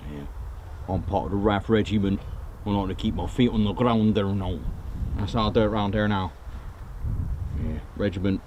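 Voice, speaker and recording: A man voicing a gruff RAF Regiment airman on patrol who keeps tagging "there now" onto his sentences, recorded outdoors by an airfield. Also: fairly low pitch, a little mellow, lo-fi sound, a little hiss or hum. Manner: repeats "round here now" and "there now" constantly.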